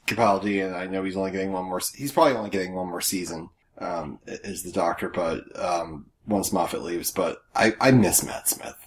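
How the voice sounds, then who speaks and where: A man's voice: low-pitched, brisk, hardly any pauses, slight background noise. Playful man who keeps interrupting. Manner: playful, interrupts to steer the talk. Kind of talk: casual chat.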